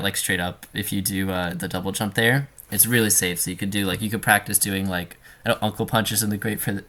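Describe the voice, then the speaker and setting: Bright-voiced man coaching casually. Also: on the low side. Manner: relaxed, talky, many fillers and restarts. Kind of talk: casual coaching over gameplay.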